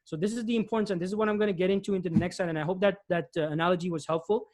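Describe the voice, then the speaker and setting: A man presenting job search advice in an animated webinar talk, often restarting phrases and acting out customers' lines. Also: high voice, very fast. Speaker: guest speaker, IT recruiter.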